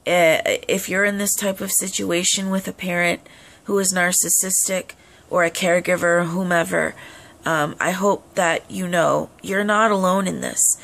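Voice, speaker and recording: A woman's voice: on the low side, steady tone, normal speed, vocal fry, a bit bright. A young adult woman talking casually to camera as a vlogger, earnest and full of "um" fillers. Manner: frequent "um" fillers, earnest advice.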